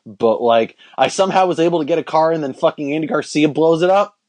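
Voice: mid-range voice, lively intonation, fast, a little mellow. A podcast panelist joking wryly and firing off incredulous questions. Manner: wry, incredulous questioning with sarcastic jokes. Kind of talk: casual comedic podcast chat.

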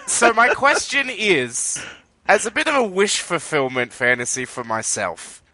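A man's voice: high voice, very animated, unhurried, bright, forceful tone, dry recording. An Australian man co-hosting a casual podcast, wry and jokey, thinking aloud with ums. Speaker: podcast co-host. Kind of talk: casual chat.

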